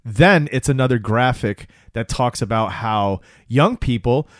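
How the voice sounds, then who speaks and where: Easygoing guy, middle-pitched voice, retells scenes, dry close mic. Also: unhurried, dry recording. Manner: relaxed, agreeing, narrating scenes with quotes. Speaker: podcast co-host recapping a show. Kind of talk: casual chat.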